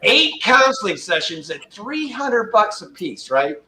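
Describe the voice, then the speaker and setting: A man with a fairly high voice tells a story with lots of animation, acting out the people in it. He is heard in an echoey room with crowd sound behind him. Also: sing-song, a little slow. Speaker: guest storyteller. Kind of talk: casual livestream chat.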